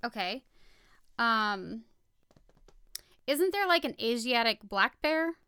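Bright crisp-voiced woman podcast host. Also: a little high, lively intonation, no echo. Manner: giggly, quick self-corrections. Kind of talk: casual chat, word game.

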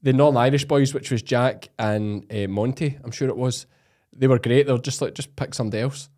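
A man with a Scottish accent, hosting a casual interview and telling animated stories full of fillers. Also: medium pitch. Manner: fast, animated storytelling with many fillers. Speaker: podcast host.

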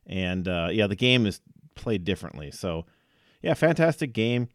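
A man's voice: fairly low pitch, very animated, moderate pace, no room sound, clean studio sound. A man co-hosting a casual sports podcast, reeling off game stats with fillers and small laughs.

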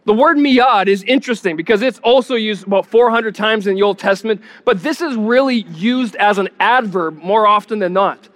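A male pastor with a high-pitched voice delivers a teaching sermon. He talks in a loose, conversational way, stumbling over repeated words as he thinks and turning to ask his listeners questions. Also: normal speed, hardly any pauses, fairly bright tone. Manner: teaching, repeats words when searching, asks the congregation questions.

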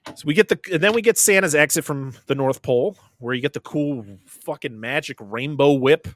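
A man's voice: a little high, a little fast, a bit bright. A young adult man hosting a podcast, retelling a film in a casual, jokey way, swearing often and laughing. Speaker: podcast host. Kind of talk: casual movie recap chat.

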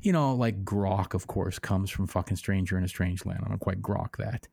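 Man, podcast co-host, low voice, dry close sound, rambling and profane. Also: normal speed, vocal fry, dark tone, no room sound. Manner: rambling, swears a lot, mocking. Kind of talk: casual profane chat.

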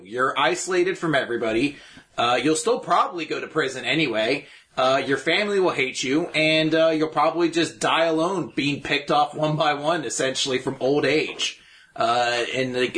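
A man's voice: medium pitch, fairly bright tone. Rambling man in casual film chat. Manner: rambling, many fillers and restarts. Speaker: podcast co-host.

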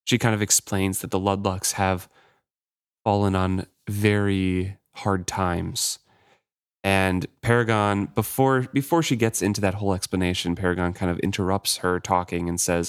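A man's voice: sits low, fairly even intonation, normal speed, clear, resonant tone, no room sound, clean studio sound. A man casually retelling the plot of a novel, reading passages aloud and paraphrasing with loose fillers. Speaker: book discussion podcaster.

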